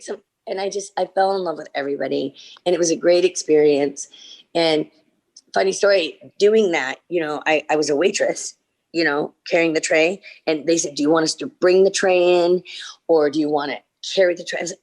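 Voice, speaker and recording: A woman, an actress guest on a video-call panel, telling an animated story and acting out the dialogue with big jumps in pitch and many restarts. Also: brisk.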